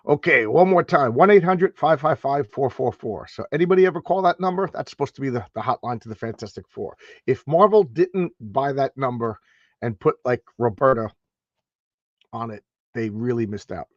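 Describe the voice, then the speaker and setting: A man's voice: mid-range voice, normal speed, no echo, dull audio. A man hosting a casual live stream, rambling and stammering as he repeats words. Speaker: host.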